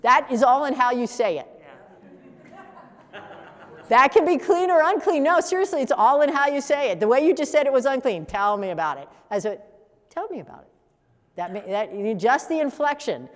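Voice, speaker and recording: Lively woman leading a coaching workshop. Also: high-pitched, a little fast, long reverb tail. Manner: lively, laughs, repeats audience answers. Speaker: coach trainer. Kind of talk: workshop teaching.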